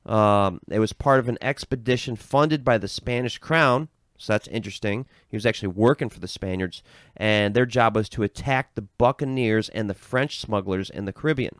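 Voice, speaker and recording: American male co-host, lowish voice, loose hedging history talk. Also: normal speed, few pauses, fairly bright tone, no echo, studio quality. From United States. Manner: loose, hedging with "I think", swearing. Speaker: podcast co-host. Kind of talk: casual chat.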